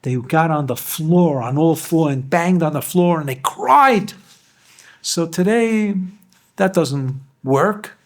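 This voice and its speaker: A man's voice: a little high, lively intonation, slow. A rabbi giving a Torah lecture to a class. He explains Hebrew verses line by line and asks his listeners questions.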